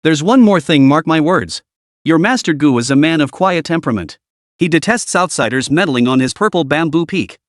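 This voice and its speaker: A man's voice: on the high side, expressive, moderate pace, dry recording, clean studio sound, close to an everyday voice. A man voicing a stern boastful old sect elder. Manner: scolding, conspiratorial.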